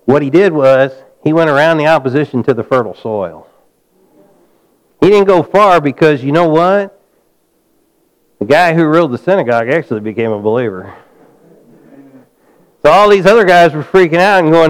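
A man delivering a sermon with real swing, climbing to near-shouts and sinking to a hush. His voice sits high and sounds clear and resonant. He keeps turning to the congregation for an amen. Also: normal speed, pauses often, poor audio. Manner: animated preaching, rising to near-shouts then dropping to a low hush; calls out to the congregation for amens. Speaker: pastor.

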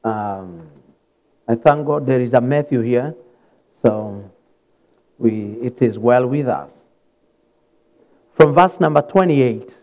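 A man from Africa preaching a sermon in a church, retelling scripture with sudden loud rises and soft drops. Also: medium pitch, expressive, slow, long pauses, highs cut off. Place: church hall.

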